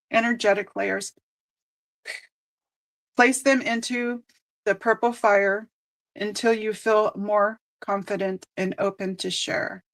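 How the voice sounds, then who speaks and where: A woman host giving a live card reading, tearful and choked up, reading aloud with frequent pauses. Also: medium pitch, fairly bright tone. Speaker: intuitive card reader and host.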